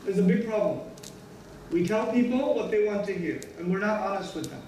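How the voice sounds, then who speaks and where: Echoey, high-voiced man preaching a sermon. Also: lively intonation, fairly quick, mellow, slight background noise. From United States. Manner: emphatic, repeats key phrases, acts out quoted dialogue. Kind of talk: Friday sermon. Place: mosque prayer hall. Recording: echoey hall, mic from a distance.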